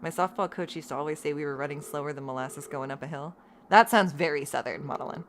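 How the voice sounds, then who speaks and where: A woman's voice: low-pitched, fast talker. Young woman, streamer, casual chat, reads aloud, faint background noise. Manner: chatty, reads game text aloud, laughs often. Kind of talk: casual live gameplay commentary.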